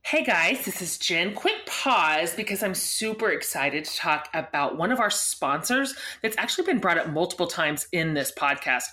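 A woman's voice: fairly low pitch, pushed and bright. Effusive woman hosting a podcast. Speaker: podcast host. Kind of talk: warm conversational interview and read ad.

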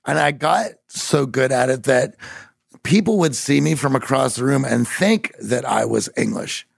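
A man from Pittsburgh telling stories in a podcast conversation, animated and growing emphatic at times. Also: medium pitch, a little slow, no room sound, studio quality. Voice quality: gravelly. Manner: animated storyteller, rising to emphatic bursts.

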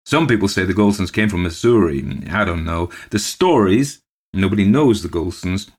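A man voicing an old male country postmaster who speaks calmly and placatingly. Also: low voice, normal speed. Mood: earnest. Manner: calm, placating, murmuring.

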